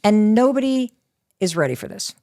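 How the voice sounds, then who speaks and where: A middle-aged woman with a gravelly edge to her voice tells a story as a podcast guest. She is lively and candid, swears freely, and keeps an everyday middle pitch. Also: normal speed. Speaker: guest author. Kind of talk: animated storytelling in a podcast interview.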